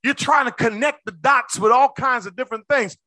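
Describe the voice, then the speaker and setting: In a high, bright voice, a male preacher gives a sermon that lurches from booming shouts to near-whispers while he calls out to the congregation. He talks a little fast, and the close, dry recording has no room sound.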